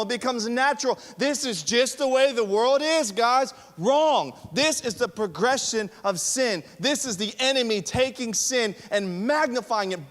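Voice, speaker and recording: A young man preaching a sermon to a young adult group, animated, with joking asides and rhetorical questions. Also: very high voice. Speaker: young adult ministry pastor. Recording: long hall reverb.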